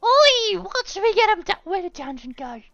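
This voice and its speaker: A tiny, troublemaking critter voice for a tabletop game, sky-high and squeaky, bouncing wildly up and down. The tone is bright and piercing, recorded close and dry. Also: male voice, moderate pace, vocal fry, dry recording, lo-fi sound, soft background music, exaggerated voice. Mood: cheeky. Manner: squeaky, excitable shouting. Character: tiny mischievous pest creature, gleeful troublemaker.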